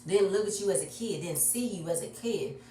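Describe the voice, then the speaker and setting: A chatty woman recaps a reality show episode with a low voice, emotional and repeating herself. She sits back from the mic in an echoey room. A faint hum runs underneath. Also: animated, brisk, warm tone, distant mic. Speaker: reality TV reviewer.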